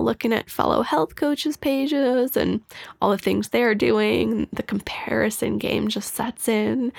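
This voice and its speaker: A woman health coach hosting a casual personal podcast, talking candidly and emotionally with a soft, reflective delivery and frequent laughs. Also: a little high, gravelly. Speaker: podcast host.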